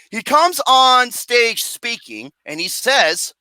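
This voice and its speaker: Lively, bright-voiced movie ranter. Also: medium pitch, takes it slowly, no echo. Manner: animated, laughing, swearing, sarcastic. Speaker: movie review host. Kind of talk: profane comedic rant.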